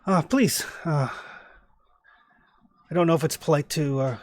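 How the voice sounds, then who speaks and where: A man's voice: fairly high pitch, measured pace, darkish tone, close to an everyday voice. A man voicing a courteous, hesitant male house-sitter in his forties, in his own voice with many fillers. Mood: polite. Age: 40s. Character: polite middle-aged male house-sitter, academic type.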